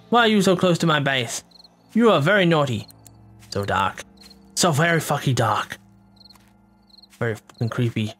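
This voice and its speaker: Hushed, playful gameplay commentator. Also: medium pitch. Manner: hushed, keeping quiet for a sleeping household; playful, hums silly sound effects while working. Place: home room at night.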